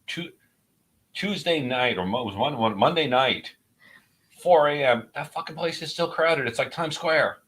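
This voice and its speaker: A man's voice: on the high side, expressive, normal speed, a bit bright. A man from New York with a faint New York accent, co-hosting a radio talk show and joking bluntly. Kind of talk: casual chat.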